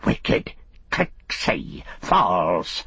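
A man voicing a wretched, sly male creature who hisses and wheedles in halting phrases, for an audiobook. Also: mid-range voice, huge pitch swings, vocal fry, slightly rough, no room sound, pitched above the performer's own voice, exaggerated voice. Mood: spiteful. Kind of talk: audiobook character voice. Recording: dull, muffled recording.

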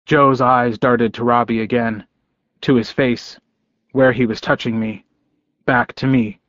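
A man reading a first-person audiobook in an unhurried, measured manner. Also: mid-range voice, dry recording, highs cut off. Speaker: audiobook narrator.

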